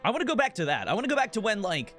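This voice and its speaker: A man streaming a game, chatting casually in a rambling, profane, animated rant. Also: high voice, racing, faint music behind.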